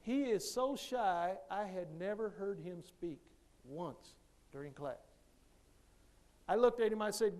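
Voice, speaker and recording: A man's voice: high-pitched, a little slow, long pauses. A man who coaches, giving a motivational speech to teachers and acting out the dialogue in his stories. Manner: animated storyteller who acts out dialogue.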